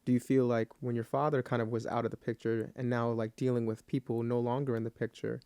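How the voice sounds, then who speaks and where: A man's voice: medium pitch, flat delivery, fast talker, mellow, dry recording. A man hosting a podcast interview, reflective and earnest as he talks about his faith. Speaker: podcast host. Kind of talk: interview conversation.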